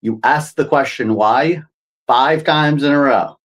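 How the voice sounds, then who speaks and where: A man's voice: mid-range voice, unhurried, poor audio. A man co-hosting a coaching podcast, explaining ideas in a rambling casual way with many fillers and restarts. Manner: rambling, many fillers, acts out quoted voices. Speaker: podcast co-host.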